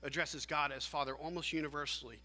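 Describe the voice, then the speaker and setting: A man preaching a sermon as pastor, animated and emphatic, often restarting his phrases. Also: a little high, fast talker. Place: church sanctuary. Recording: long church hall reverb.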